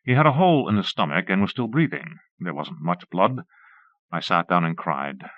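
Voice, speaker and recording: A man narrating an audiobook in a measured first-person storytelling manner, on a dull old cassette recording. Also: low-pitched, expressive, no echo.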